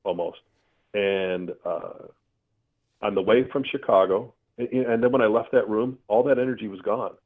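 A middle-aged man comes through a thin, phone-line sound as a guest recounting his own story. He talks earnestly and with animation, and his voice sits on the low side. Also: normal speed. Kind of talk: telling a personal story in conversation.

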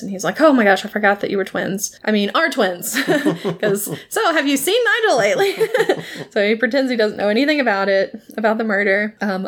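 A woman casually recapping a TV episode, laughing often and acting out the characters' lines in quick bursts. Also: medium pitch.

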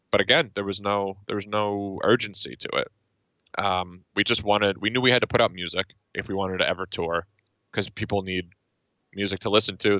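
Male band guest, low bright voice, dry muffled lo-fi audio, thoughtful and meandering. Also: no echo. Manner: thoughtful, lots of fillers and restarts. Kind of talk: casual interview. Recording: dull, dry lo-fi sound.

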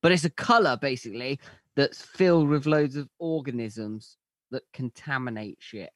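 A man's voice: mid-range voice, moderate pace, no echo. A man co-hosting a podcast in casual chat, rambling with hesitant fillers. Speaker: podcast co-host.

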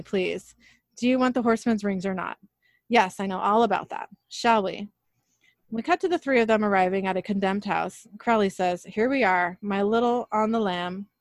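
A woman's voice: mid-range voice, no echo. Dry-voiced woman casually retelling a story. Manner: reads every character's lines in her own voice, laughing at her slips. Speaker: narrator retelling an episode. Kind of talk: casual recap reading lines aloud.

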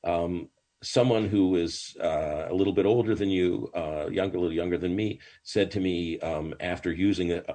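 Older man with a low, husky voice. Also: moderate pace. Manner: animated, swooping storyteller with many false starts. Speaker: rabbi. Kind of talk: storytelling in a podcast interview.

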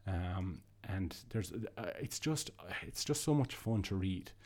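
A man's voice: low voice, expressive, takes it slowly, darkish tone. A man giving a casual, enthusiastic comic book review, rambling and restarting his sentences. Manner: rambling, with frequent restarts and fillers. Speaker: podcast host reviewing comics.

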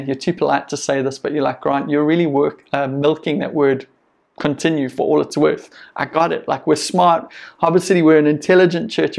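Gravelly-voiced male pastor preaching. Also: fairly high pitch, a little mellow. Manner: earnest and encouraging, with conversational asides. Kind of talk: sermon.

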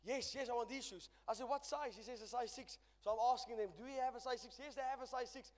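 A man with a South African accent preaching a sermon, telling a story with emphatic swings between loud and soft. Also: very high-pitched, fast talker. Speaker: pastor. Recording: long church reverb.

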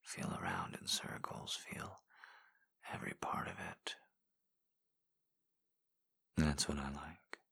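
A man in a whispered role-play, giving slow, coaxing encouragement with repeated phrases in a deep, husky whisper. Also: big pitch swings, bright, forceful tone. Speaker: intimate audio performer.

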